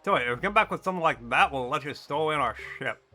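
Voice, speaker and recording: A man's voice: on the high side, animated, fast, pushed and bright, faint music behind, full character voice. A man voicing a blunt, scornful young female pirate captain from a video game.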